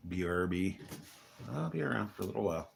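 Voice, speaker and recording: A livestreaming vlogger in a hotel rambles through a casual monologue, wry and grumbling, muttering asides and chuckling to himself. His deep, gravelly voice is animated and brisk, with slight background noise in the recording.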